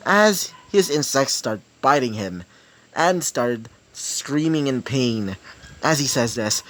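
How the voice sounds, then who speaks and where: Slow rambling young storyteller man. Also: mid-range voice, animated, a bit bright. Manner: rambling, hesitant, repeats "as he says this". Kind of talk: improvised fan-fiction narration.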